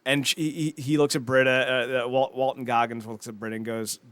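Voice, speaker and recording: A man recaps a TV episode for his podcast co-host, stumbling through restarts and acting out quoted lines. His voice sits at an ordinary pitch. The sound is dry and close. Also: a little fast, smooth, dry recording. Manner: rambling, animated retelling with restarts and quoted lines. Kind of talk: casual chat recapping a TV episode.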